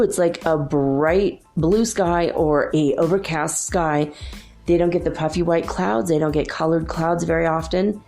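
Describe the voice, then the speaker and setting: A woman's voice: fairly low pitch, dark tone. A woman from Minnesota hosting a casual spiritual monologue, rambling and chatty with frequent laughs. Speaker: spiritual channel host.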